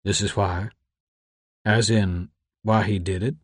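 A man's voice: mid-range voice, expressive, measured pace, no room sound, studio quality. A man playing a shaken guilt-ridden man. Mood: troubled.

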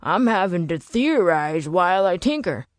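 A man's voice: high-pitched, very animated, moderate pace, no echo. A woman voicing a tired, fussy man who tinkers with radios, explaining himself in a dry, defensive way. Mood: weary.

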